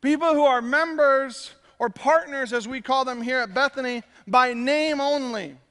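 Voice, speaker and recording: A man, a pastor, giving a conversational and animated sermon to his congregation. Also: very high voice, clean tone, big-room sound. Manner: conversational, animated preaching with quick asides. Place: church sanctuary.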